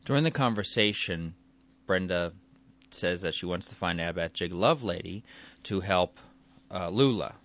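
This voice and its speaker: A man's voice: sits low, expressive, moderate pace, fairly bright tone. A man hosting his own podcast in a casual, rambling way, chuckling often and restarting his sentences. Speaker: podcast host. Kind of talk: casual solo podcast chat.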